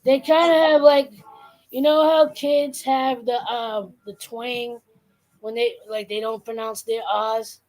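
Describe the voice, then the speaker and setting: A woman with a Boston accent talks in a loose, rambling way, breaking into quick accent imitations. Her voice sits a little high. It is a relaxed, casual chat. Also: rough recording. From Boston area, Massachusetts. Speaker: streamer, co-host.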